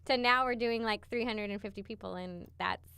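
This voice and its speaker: A woman's voice: fairly high pitch, fairly quick, gravelly, bright, forceful tone, clean tone, dry recording. A young woman co-hosting a coaching podcast, chatty and full of "like" as she talks. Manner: chatty, heavy use of "like". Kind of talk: casual chat.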